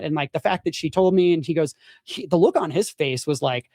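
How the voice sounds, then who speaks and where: A young man with a fairly high voice recounts his story, leaping up in pitch whenever he acts out what others said. The sound is dry and close, with no room around it, and his talk runs loose and chatty with plenty of fillers. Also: fairly quick, no room sound. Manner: animated storyteller, acts out quotes with big pitch jumps, frequent "like". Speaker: podcast guest, former reality show contestant. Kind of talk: casual storytelling interview.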